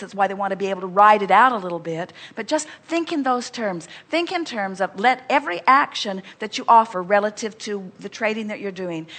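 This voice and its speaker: A woman's voice: on the high side, fairly bright tone. A woman at a live seminar who speaks for a collective "we" and answers audience questions with emphatic, rhetorical flourishes.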